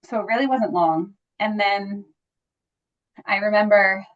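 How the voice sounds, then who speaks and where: A woman's voice: mid-range voice, unhurried. A woman guest in a casual interview, telling a personal story with lots of fillers like "like" and "you know.". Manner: animated when acting out quoted dialogue. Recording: slightly dull lo-fi audio.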